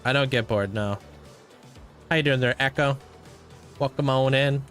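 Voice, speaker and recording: A man's voice: medium pitch, normal speed, fairly bright tone, soft background music. A young man livestreaming a game, chatting casually and greeting viewers by name. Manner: laid-back, thanks and greets viewers by name. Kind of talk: casual chat with live viewers while playing.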